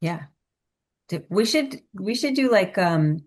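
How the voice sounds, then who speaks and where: A woman co-hosts a relaxed podcast, chatting and spinning stories with plenty of "like" along the way. Her voice sits in a middle register. She talks the way a friend does at a table. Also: mid-range voice, slow pace. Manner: chatty, animated storytelling with lots of "like". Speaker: podcast co-host. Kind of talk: casual chat.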